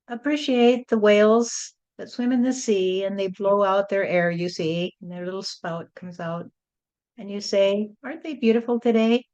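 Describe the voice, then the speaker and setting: Mellow-voiced woman channeling spiritual teaching. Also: mid-range voice. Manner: gentle, repetitive, often adds "you see".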